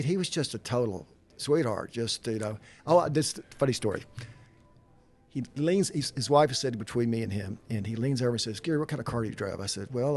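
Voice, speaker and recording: A man's voice: mid-range voice, a little mellow. A male guest in casual conversation, telling rambling anecdotes. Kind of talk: casual chat.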